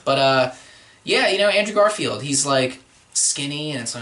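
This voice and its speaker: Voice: mid-range voice, lively intonation, normal speed, a bit bright. A podcast co-host in casual, jokey movie-review chat, rambling and crude with many restarts.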